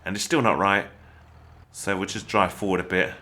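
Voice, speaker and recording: A low-pitched English man with steady intonation speaks at normal speed, sounding bright and forceful. He hosts a gaming channel and talks viewers through a video game in a chatty, jokey tutorial.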